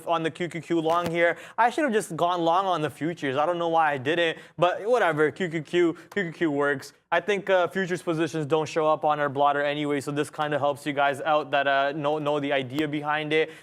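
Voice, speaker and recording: A man's voice: fairly high pitch, a bit bright, clean tone. A young man co-hosting a live trading stream, chatty, joking and a bit boastful about his wins. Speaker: co-host trader.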